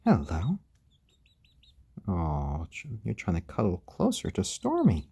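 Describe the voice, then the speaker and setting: A man hosting a casual live stream at home, gently chatting to viewers and talking softly and fondly to his baby chickens. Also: low voice, huge pitch swings, slow pace, vocal fry, long pauses, breathy edge.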